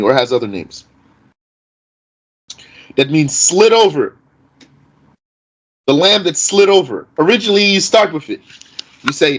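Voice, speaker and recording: A man teaching Arabic grammar in an explanatory lesson, asking rhetorical questions and reciting Arabic quickly. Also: a little high, rough recording.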